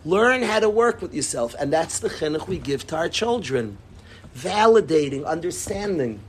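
A man teaching a religious class in an impassioned, emphatic way, repeating his points and swinging between loud and hushed. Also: on the high side, sing-song, moderate pace, slight background noise. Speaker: Torah teacher.

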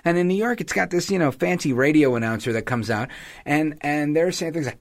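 A man's voice: a little high, fairly quick. A man hosting a podcast, delivering a political commentary monologue and breaking into mocking impressions of radio ads. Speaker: podcast host.

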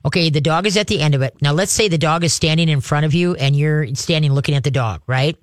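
A man training an owner in dog recall, talking casually and breaking into high, excited calls as he shows how to call the dog. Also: fast talker, no echo, studio quality. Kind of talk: casual hands-on instruction.

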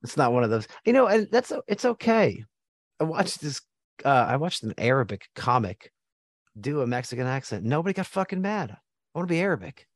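American man, podcast host, casual sports chat, profane joking, mid-pitched voice, dry close recording. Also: big pitch swings, a little fast, no room sound. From United States.

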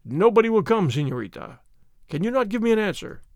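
A man reads an overbearing army captain with a purring, sneering delivery, his tone sliding freely up and down. The voice sits fairly high for a man and sounds close and dry, with no room around it. This is a storybook villain who presses, mocks and will not take no for an answer. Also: sing-song, brisk, no echo. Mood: domineering. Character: arrogant bold army captain suitor, male. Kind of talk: audiobook character reading.

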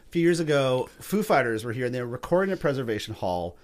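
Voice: medium pitch, animated, quick pace. A podcast host in casual chat, laughing along with the guest and telling an anecdote of his own.

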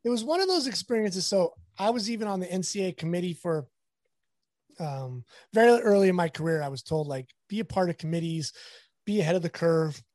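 A man, a sports photographer, telling a candid anecdote with lively asides in a casual interview. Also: sits high, a little fast, dry recording, clean studio sound.

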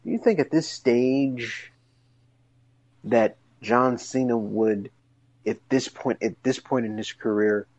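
A man's voice: takes it slowly, no room sound. A man co-hosting a casual podcast, talking animatedly and rambling through long questions. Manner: animated storyteller, rises high when excited. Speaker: wrestling podcast co-host.

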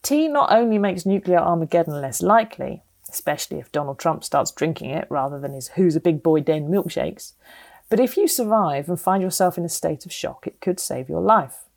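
A woman's voice: fairly low pitch, expressive, moderate pace, vocal fry, darkish tone. A middle-aged British woman with a British accent reading her opinion column aloud in a wry, sardonic, opinionated way. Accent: British English.

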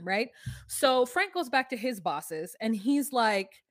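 Woman podcast co-host, higher voice, dry close sound, animated storyteller. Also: slow pace, no echo. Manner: animated retelling with jokey put-on quotes. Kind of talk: casual storytelling chat.

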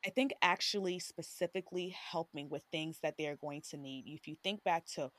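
A woman who is an OB-GYN guest on an interview, giving earnest advice and thinking out loud. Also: low-pitched, moderate pace, dry recording. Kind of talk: casual conversational interview.

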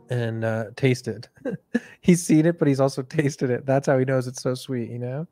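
Dude rambling thru a goofy made-up story, lots of ums, dry close sound, mid voice. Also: male voice, mid-range voice, a little slow, no room sound, faint music behind. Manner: rambling, relaxed, many fillers. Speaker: host. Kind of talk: improvised comic storytelling.

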